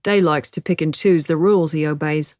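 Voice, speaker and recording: A woman's voice: low-pitched, darkish tone, dry recording, studio quality, lightly acted. Woman doing a fidgety young Londoner. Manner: quick and restless. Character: fidgety young man, deep-voiced.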